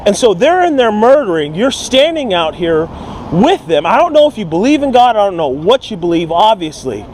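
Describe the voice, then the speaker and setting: A man's voice: sits high, very animated, normal speed, darkish tone, slight background noise, low-quality recording. A man preaching on a city street, earnest and pleading, often repeating his words. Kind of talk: open-air street preaching.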